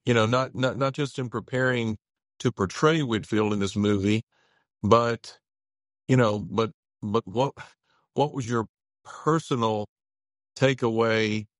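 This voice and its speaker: A man's voice: medium pitch, measured pace, long pauses, no echo, clean studio sound. Man co-host asking a rambling question. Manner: searching, restarts phrases while asking. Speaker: co-host, pastor. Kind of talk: interview questioning.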